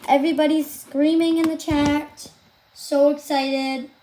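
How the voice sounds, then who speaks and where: Woman game streamer, high-pitched, gushing and slow-paced, excitable chatter to viewers. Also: slight background noise. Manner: gushing, excitable, squeals and exclaims often. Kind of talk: live gameplay commentary to viewers.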